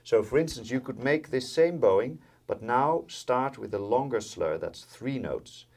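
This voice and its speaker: A Dutch violin teacher gives a jazz violin lesson, walking through it step by step with lots of fillers and counting in. His medium-pitched voice is lively, creaky and a little mellow, at a measured pace. Violin and guitar play in the background.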